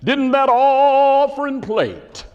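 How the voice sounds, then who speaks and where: A man voicing an elderly small-town preacher who speaks gently and draws his words out slowly. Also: very high voice, very animated, lo-fi sound, voice pushed up, heavily acted. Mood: gently probing. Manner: drawn-out, exaggerated slow delivery. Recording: echoey hall.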